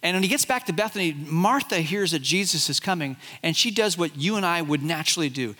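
A man preaching a sermon, animated and conversational, acting out Bible characters as he retells the story. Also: on the high side, a little fast, few pauses, in a large hall. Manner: animated, acts out Bible characters in quoted voices. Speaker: pastor.

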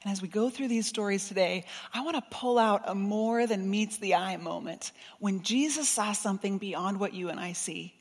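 A woman preacher delivering a sermon, expressive, moving between soft, gentle passages and emphatic ones. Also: mid-range voice, moderate pace, hardly any pauses, in a large hall.

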